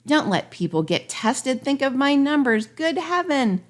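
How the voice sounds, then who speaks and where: A woman's voice: high-pitched, very animated, a little slow, pitched above the performer's own voice. A woman voicing a sour, boastful male leader in a rhyming storybook parody, talking in a scornful, dismissive way.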